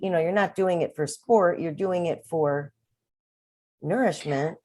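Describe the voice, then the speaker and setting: A woman podcast host asking questions in a relaxed, supportive way. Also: on the low side, measured pace. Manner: supportive, brief acknowledgements. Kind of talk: casual interview.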